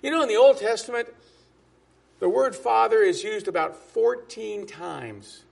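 A man preaching a sermon as a pastor, emphatic, with drops to soft asides. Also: high-pitched, expressive, unhurried, vocal fry, breathy edge.

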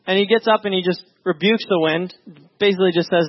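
Before a church congregation, a man preaching as pastor reads scripture and talks to the people conversationally, repeating words and frequently checking in with "right?" His voice sits high and steady, he talks fast, and the recording is dull and lo-fi.

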